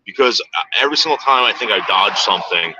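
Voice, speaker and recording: A man's voice: on the low side, expressive, quick pace, background noise. A man from the United States hosting a livestream, talking in a crude, meandering, offhand way. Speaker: livestream host. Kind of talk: casual rambling monologue.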